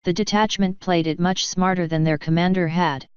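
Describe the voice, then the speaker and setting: Female audiobook narrator, steady and even; lower voice, dry close recording. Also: moderate pace, smooth, no echo. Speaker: fanfiction reader. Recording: dry, slightly muffled.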